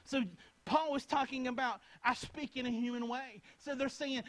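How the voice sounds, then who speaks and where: A man's voice: very high voice, steady tone, moderate pace, a bit bright, poor audio. A young man preaching a Bible lesson, speaking earnestly and repeating phrases as he addresses his listeners directly. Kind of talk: Bible teaching talk.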